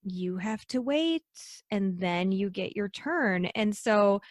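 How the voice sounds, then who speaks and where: A woman's voice: medium pitch, animated, slow pace, no room sound, clean studio sound. A woman speaking as a guest in an interview, emphatic and repeating her key phrases for force. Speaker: podcast guest. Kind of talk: conversational interview.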